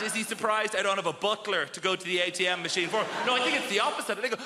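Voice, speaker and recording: A man doing a stand-up comedy set on a theatre stage, animated and shouting his punchlines. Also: high voice, normal speed, very noisy. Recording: echoey theatre with loud crowd laughter.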